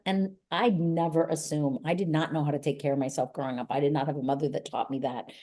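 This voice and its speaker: Low, mellow-voiced woman, earnest and encouraging. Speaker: guest, author and gym owner. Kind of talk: motivational interview talk.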